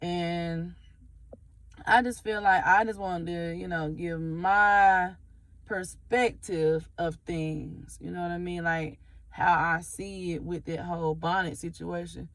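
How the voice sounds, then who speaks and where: A woman's voice: lowish voice, fairly even intonation, slow pace, fairly bright tone, dry recording. A woman who does hair talking candidly to her viewers in a casual vlog, swearing now and then. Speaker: vlogger. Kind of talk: casual talk to camera.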